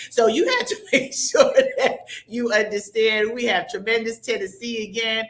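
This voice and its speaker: A woman hosting a live online broadcast, chatty and upbeat, reading viewer comments aloud with quick asides. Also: a little high, lively intonation, fairly bright tone. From American South. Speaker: livestream host. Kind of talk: lively livestream shout-outs.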